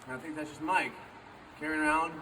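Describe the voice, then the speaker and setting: At a memorial gathering, a friend gives a speech in a fairly quick, somewhat high voice, telling an informal story. He acts out the quoted dialogue with lively shifts, picked up by a distant mic with faint background noise.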